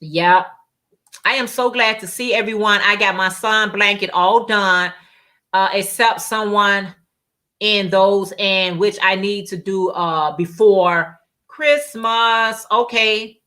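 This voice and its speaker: A woman's voice: medium pitch, slow pace, bright, forceful tone. A woman hosting a casual craft livestream, chatting and reading out viewer comments with frequent laughs and repeated phrases. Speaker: livestream host.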